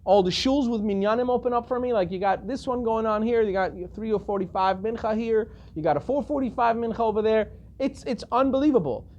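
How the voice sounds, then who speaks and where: A male rabbi giving a storytelling lecture, animated and acting out the characters as he goes. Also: sits high, a little fast, few pauses, highs cut off.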